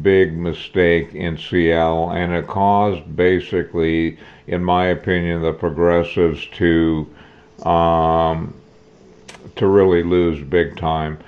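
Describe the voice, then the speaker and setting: An older man with a very deep voice hosts a political talk show, sharing his opinions with folksy asides. The recording is dull and lo-fi.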